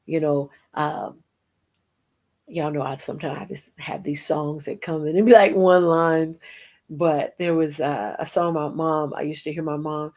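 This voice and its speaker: A woman's voice: low-pitched, fairly even intonation, darkish tone. A middle-aged woman hosting a devotional program, teaching earnestly and breaking into bits of song. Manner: slow, earnest, sings snatches of hymns. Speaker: host and Christian singer.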